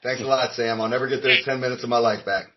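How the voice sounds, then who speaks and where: A man's voice: mid-range voice, fairly even intonation, quick pace. A man guesting on a casual podcast, teasing the others and cutting in over a video call. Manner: laughs a lot, teasing interjections. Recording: muffled video call with background noise.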